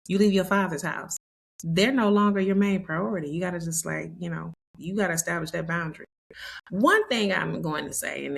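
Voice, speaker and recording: A woman's voice: low voice, vocal fry, a bit bright. A woman, hosting a podcast and telling a candid, emotional personal story with quoted dialogue. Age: 50s. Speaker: podcast host.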